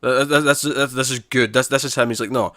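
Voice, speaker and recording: Bright-voiced man in excited podcast chat. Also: mid-range voice, no room sound, clean studio sound. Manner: animated, quick restarts, acts out lines from scenes. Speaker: podcast co-host. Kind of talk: casual chat.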